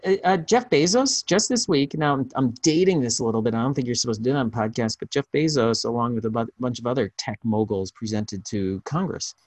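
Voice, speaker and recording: A man's voice: mid-range voice, a little fast, hardly any pauses, no room sound. Storytelling male podcast host, dry sound. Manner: storytelling, animated, restarts often. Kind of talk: casual podcast chat.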